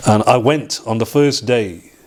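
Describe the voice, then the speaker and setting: A man, telling his life story as an interview guest in a halting way, with restarts and reenacted dialogue. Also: medium pitch, darkish tone. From Derby, England. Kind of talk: personal storytelling in a sit-down interview.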